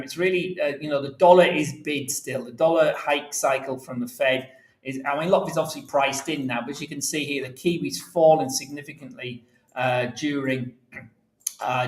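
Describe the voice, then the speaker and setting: A man talks viewers through currency charts live, pausing with frequent "uh"s and restarting sentences. His voice sits at an ordinary middle pitch, and the room around him rings noticeably. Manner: halting, many fillers, talks to viewers while searching charts. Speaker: market analyst. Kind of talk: live market commentary over charts. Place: office workstation. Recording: roomy, sometimes away from the mic.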